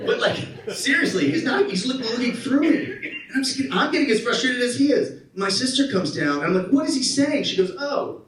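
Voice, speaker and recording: A man in his thirties giving a conference keynote, an animated storyteller who asks the audience questions. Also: very high voice, brisk. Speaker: keynote speaker. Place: conference hall. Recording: roomy hall, mic at a distance.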